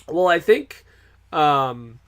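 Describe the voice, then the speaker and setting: A man's voice: on the high side, sing-song, extremely slow, a bit bright. A man co-hosting a casual podcast chat, laughing often between lines. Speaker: podcast co-host.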